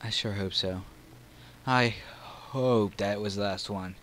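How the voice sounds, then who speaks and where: Slow-talking Southern man gaming. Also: slight background noise, low-quality recording. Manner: excitable, frustrated outbursts between low mutters. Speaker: gaming channel host. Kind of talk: let's play commentary.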